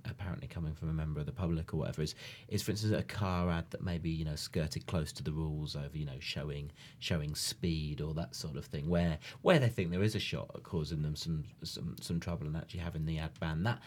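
A man with a deep, low voice chats on a podcast. He rambles loosely, with plenty of fillers and restarts. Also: steady tone, quick pace, few pauses. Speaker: podcast co-host. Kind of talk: casual chat.

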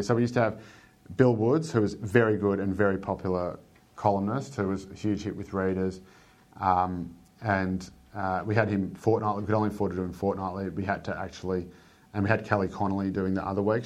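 A man's voice: low voice, little pitch movement, fairly quick, a little mellow. A man, a newspaper editor talking bluntly and sardonically in an interview, swearing freely. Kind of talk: candid interview talk.

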